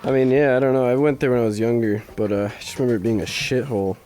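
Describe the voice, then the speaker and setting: A man's voice: medium pitch, fairly even intonation, very fast, darkish tone, faint music behind. A man chiming in on a casual podcast chat with short wry remarks.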